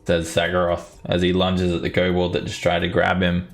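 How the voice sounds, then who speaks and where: Gravelly deep-voiced man narrating a game. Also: a little fast, loud music behind the voice. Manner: chuckling, relaxed descriptive narration with fillers. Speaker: dungeon master.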